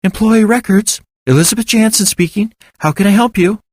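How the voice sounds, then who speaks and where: A man voicing a soft-spoken, sheepish young female office clerk who is easily impressed, in a fiction reading. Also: sits high, a little fast, no echo, studio quality, pitched above the performer's own voice. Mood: soft, curious. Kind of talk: audiobook character voice.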